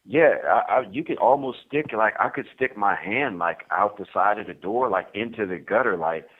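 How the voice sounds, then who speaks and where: A man's voice: fairly low pitch, normal speed. A male guest explaining things step by step in a plain, casual way, often saying "like.". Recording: tinny phone line.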